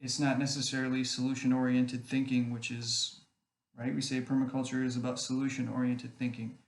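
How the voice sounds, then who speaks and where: A man's voice: medium pitch, completely flat delivery, a little fast. Rambling man in an echoey room. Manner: rambling, often adds "okay?". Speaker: online group admin. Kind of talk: casual rambling talk to camera. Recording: echoey room, faint background noise.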